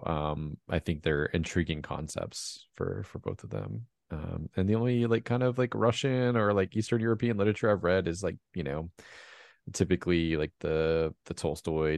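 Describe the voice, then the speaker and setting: A man with a very low, gravelly voice talks films in a loose, rambling way, stringing thoughts together with plenty of fillers. He laughs easily as he goes. The sound is close and dry. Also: no room sound. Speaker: podcast co-host. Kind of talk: casual film discussion.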